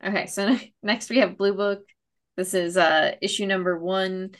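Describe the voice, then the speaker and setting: A woman's voice: medium pitch, fairly even intonation, normal speed. A woman hosting a casual comic book chat, rambling and swearing casually as she reviews each issue. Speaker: comic book podcast host.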